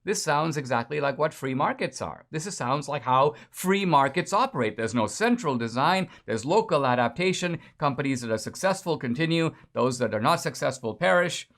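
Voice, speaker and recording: A man's voice: fairly high pitch, expressive, moderate pace, few pauses, fairly bright tone. A man giving a lecture-style political commentary in a sarcastic, lecturing manner.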